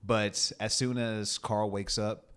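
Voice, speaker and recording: A man co-hosts a casual movie review chat with a lowish, bright, forward voice. He gets animated as he retells scenes and laughs often between lines. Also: takes it slowly, clean tone. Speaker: podcast co-host.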